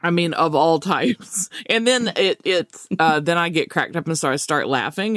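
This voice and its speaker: A man co-hosting a podcast in relaxed, animated chat, laughing often. His voice sits a little high. The sound is close and dry, with no room behind it. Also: moderate pace, few pauses, dry recording. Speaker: podcast co-host. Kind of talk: casual chat.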